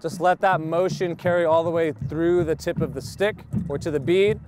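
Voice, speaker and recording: A man's voice: a little high, fairly even intonation, moderate pace, over loud music. A man teaching snare drum technique to a group and often checking that they understand. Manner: explains step by step, keeps checking understanding. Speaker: drum instructor. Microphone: wireless lavalier mic.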